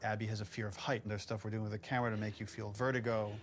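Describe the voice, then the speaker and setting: Low, flat-voiced man explaining. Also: rapid-fire, a little hiss or hum. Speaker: game director. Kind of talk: behind-the-scenes interview.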